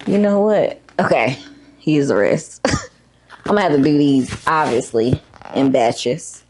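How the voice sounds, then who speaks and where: Against a noisy background, a woman with a low-pitched, animated voice talks slowly through a casual show-and-tell of her books. The laid-back vlogger chats with lots of fillers and an occasional "y'all," sounding a bit out of breath.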